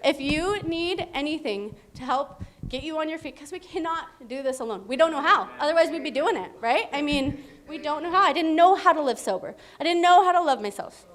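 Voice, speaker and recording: Speaking fairly quickly in a high-pitched, animated voice, a woman in her thirties tells her recovery story at a meeting. Her testimony is open and emotional, with frequent laughter.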